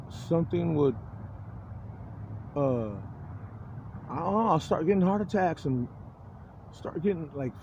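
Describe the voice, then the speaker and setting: A man's voice: fairly high pitch, mellow, muffled recording, a little hiss or hum. A middle-aged man in a rambling personal monologue, agitated and profane, often breaking off and restarting his sentences. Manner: profane, swears heavily. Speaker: vlogger.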